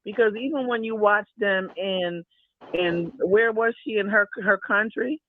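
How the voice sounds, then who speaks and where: Over a tinny phone line with faint hiss, a male caller phones a talk show and offers rambling, opinionated views, repeating himself in casual chat. His voice is high and his pace is measured.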